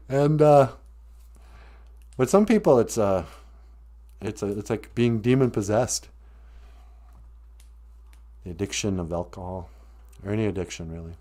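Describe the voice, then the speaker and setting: A man's voice: fairly low pitch, warm tone. A man hosting a live stream, talking casually and joking with frequent laughs. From Ojibwe reservation, US. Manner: joking, rambling, laughs often. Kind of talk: comedic live-stream chat.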